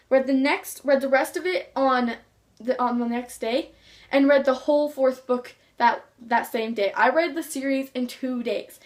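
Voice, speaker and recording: A teenage girl vlogging about books she loves, gushing and rambling with many restarts. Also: sits high. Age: teens. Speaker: book vlogger. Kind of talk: casual chat to camera.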